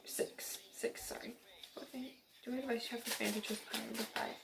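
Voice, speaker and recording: A woman's voice: on the high side, steady tone, racing, gravelly, very noisy. A young woman from central Illinois giving a casual, upbeat tarot reading, chatty and giggly. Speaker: tarot reader.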